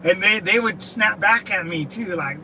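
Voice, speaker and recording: A man's voice: sits high, moderate pace, bright, forceful tone, a little hiss or hum, low-quality recording. A man in his thirties telling loose stories to his viewers, laughing often and saying "dude" and "man" a lot. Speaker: veteran channel host. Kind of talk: casual storytelling chat.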